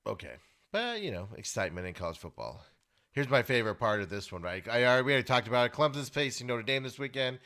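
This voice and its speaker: A man hosting a sports podcast, giving opinionated casual commentary and getting loud and high when worked up. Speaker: podcast host. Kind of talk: casual sports talk monologue.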